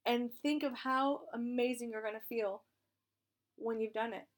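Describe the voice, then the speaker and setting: A woman in her thirties, a military spouse with a hoarse, raspy voice, talking casually and frankly, encouraging listeners and swearing now and then. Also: on the high side, fairly even intonation, normal speed. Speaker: military spouse sharing advice. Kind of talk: casual direct-to-camera talk.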